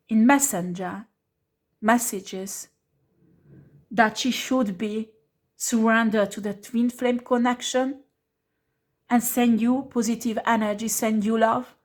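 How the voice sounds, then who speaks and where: A woman giving a tarot reading who scolds bluntly and swears freely, repeating rhetorical questions for emphasis. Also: on the high side. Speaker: tarot reader.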